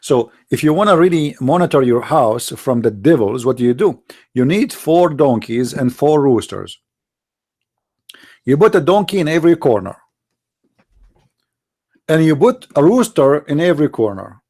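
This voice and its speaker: Male streamer, gravelly voice, higher pitch, sneering rhetorical questions. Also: sing-song, normal speed, pauses often, darkish tone. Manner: sarcastic, broken grammar, rhetorical taunts. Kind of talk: sarcastic mocking monologue.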